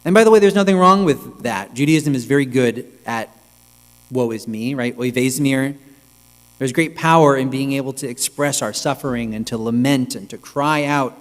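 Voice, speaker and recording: Man rabbi giving a thoughtful sermon, mid pitch, echoey sanctuary, some hum. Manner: reflective, measured, with pauses. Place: synagogue sanctuary. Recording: long reverb with mains hum.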